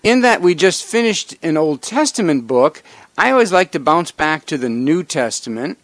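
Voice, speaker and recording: A male pastor hosts a relaxed Bible study chat with a high voice. His speech rises and falls a lot as he teases and explains slowly. The sound is dry and close. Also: dry recording. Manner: easygoing, teasing, explains slowly with pauses. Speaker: pastor and show host.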